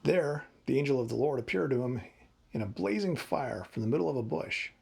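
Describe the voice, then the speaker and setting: A man's voice: mid-range voice, animated, brisk, gravelly, a little mellow, slightly rough. A man in his fifties giving a wry, conversational devotional talk as a preacher. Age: 50s.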